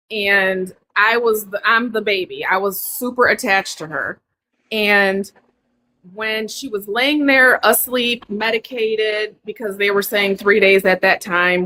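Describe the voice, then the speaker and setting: A woman calling in to a live show, telling an emotional personal story in a rushed, earnest, apologetic way. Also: mid-range voice, sharp tone, a little hiss or hum, poor audio. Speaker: caller.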